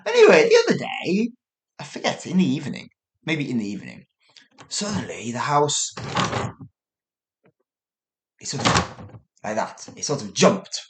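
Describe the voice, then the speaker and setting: A middle-aged man, hosting a podcast for learners and telling a story in a casual way. He is animated, mimics sounds with little noises and corrects himself mid-sentence. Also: fairly high pitch, unhurried, long pauses. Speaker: English teacher podcast host.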